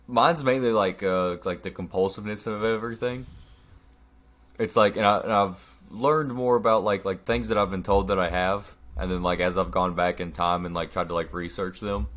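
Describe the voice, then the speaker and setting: A man co-hosting a casual podcast, speaking haltingly with many fillers. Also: lowish voice, a bit bright.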